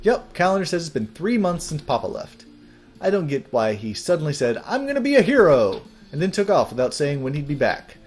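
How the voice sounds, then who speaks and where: A man's voice: a little high, very animated, a little fast, faint music behind. A man doing a chirpy young shop girl. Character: cheerful naive young girl shopkeeper.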